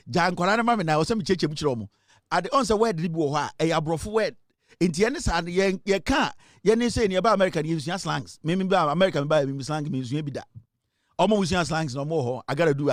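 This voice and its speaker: A middle-aged Ghanaian man hosting a live online political show, an animated storyteller who switches between Twi and English and laughs often. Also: high voice, no echo, clean studio sound. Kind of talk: lively livestream commentary.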